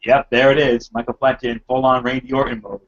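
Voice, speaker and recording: A man's voice: mid-range voice, little pitch movement, fast talker. Rambling man recapping wrestling, muffled audio. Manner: rambling, filler-heavy, enthusiastic. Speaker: podcast host reviewing wrestling. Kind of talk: casual wrestling recap chat.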